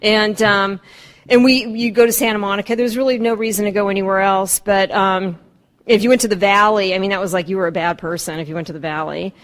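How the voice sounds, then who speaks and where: A woman's voice: medium pitch, fairly even intonation, quick pace. A woman in her fifties from Southern California tells her life story at a recovery meeting, hesitant and full of ums, with wry humor. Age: 50s. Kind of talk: personal storytelling talk.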